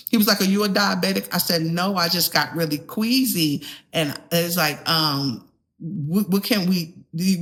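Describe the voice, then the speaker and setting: A woman host tells her own story in an easy, chatty way. Her voice is bright and forward, with a pitch that sits mid-range for a woman. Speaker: podcast host. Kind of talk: casual chat.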